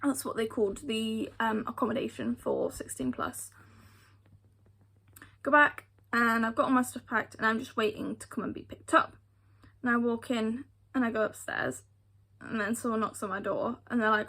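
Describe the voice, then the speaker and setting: A woman's voice: a little high, normal speed, gravelly, fairly bright tone. A young British woman telling a personal story vlog-style, emphatic and given to repeating phrases for effect. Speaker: vlogger. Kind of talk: storytime retelling.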